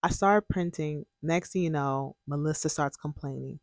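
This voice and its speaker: Here a young adult host tells their own story at a moderate pace, voice sitting at a normal middle pitch. It's casual, candid and emotional, with laughs and tears, and they often reenact what they once said by quoting themselves. Recorded dry and close, without any room echo.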